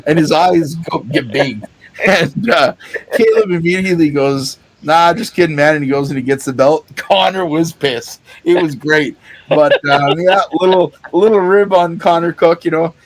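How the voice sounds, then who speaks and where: A man's voice: fairly high pitch, moderate pace. A man co-hosting a podcast, animatedly telling a story in casual chat, swearing freely and laughing often. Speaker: podcast co-host. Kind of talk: casual chat, recounting a show.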